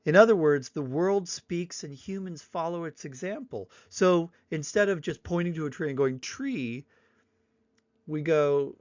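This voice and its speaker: A man giving a recorded slideshow lecture, unhurried and explanatory, sometimes acting out examples in little voices. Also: on the high side, no room sound, muffled recording.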